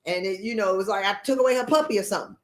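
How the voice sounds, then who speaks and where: A woman's voice: medium pitch, rapid-fire, echoey room. A woman leadership coach giving a motivational talk, blunt and emphatic, firing off rhetorical questions in sassy, colloquial speech.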